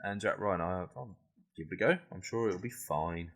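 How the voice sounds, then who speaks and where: A man's voice: low-pitched, moderate pace, breathy edge. A British man co-hosting a casual chat, talking easily, laughing often and swearing playfully. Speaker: podcast co-host.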